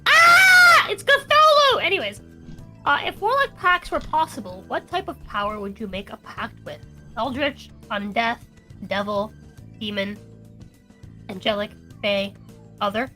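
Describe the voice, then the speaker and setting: Bright playful woman co-hosting. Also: medium pitch, expressive, unhurried, pauses often, soft background music. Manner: playful, teasing, addresses chat. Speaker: podcast co-host. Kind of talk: casual podcast chat, reading chat questions.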